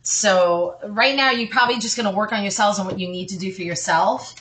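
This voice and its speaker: A woman reading tarot cards for her online followers in a loose, conversational way. Her voice is bright and forward, and she keeps reassuring her listeners while stopping now and then to apologize for getting sidetracked. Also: medium pitch, brisk. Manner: chatty, reassuring, with frequent apologetic asides. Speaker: tarot card reader. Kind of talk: casual tarot reading for viewers.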